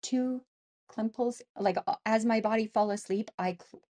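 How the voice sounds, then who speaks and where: A middle-aged woman from Canada, an interview guest telling an emotional personal story in an animated way, acting out voices with many fillers. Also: fairly high pitch, moderate pace.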